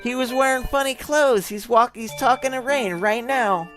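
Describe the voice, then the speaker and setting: A man voicing a sweet, clingy little girl from a video game in a high squeaky childlike voice, recorded on a close mic. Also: normal speed, a bit bright, soft background music. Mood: pleading. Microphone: close mic with popping.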